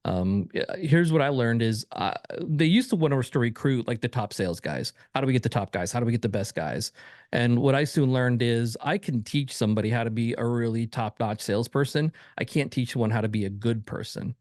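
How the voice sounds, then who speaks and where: A man's voice: medium pitch, brisk, no room sound. Guy coaching on sales, easygoing, mid voice, dry close mic. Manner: relaxed, explains with examples. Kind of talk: casual interview chat.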